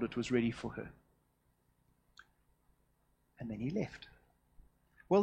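A male pastor delivering a sermon in a fairly high, husky voice. He paces himself deliberately, rising to loud emphasis and then dropping to a hushed close. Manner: measured preaching with strong swings between loud emphasis and hushed close.

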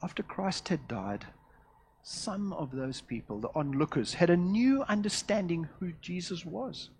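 A man preaching a sermon, measured and deliberate, swinging from loud emphasis to hushed, quiet endings. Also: sits high, expressive, vocal fry, a little hiss or hum. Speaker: pastor.

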